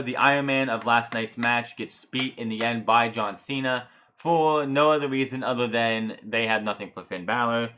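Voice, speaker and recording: A man reviewing wrestling on a casual solo podcast, his voice bright and forceful. He rants with heavy swearing and often trips over words and restarts them. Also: medium pitch. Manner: ranting, profane, heated.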